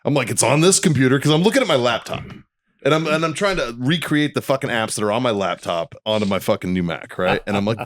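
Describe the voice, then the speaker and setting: A man co-hosting a podcast, telling stories in a casual, profane, animated way. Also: mid-range voice, quick pace. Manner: profane, animated storyteller, acts out quotes. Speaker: podcast co-host. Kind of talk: casual chat, storytelling.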